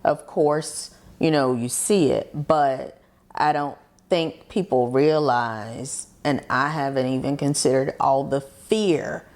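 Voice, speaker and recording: A woman host with a very deep, gravelly voice and an unhurried, slow delivery. She fills her interview with short, encouraging affirmations. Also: darkish tone.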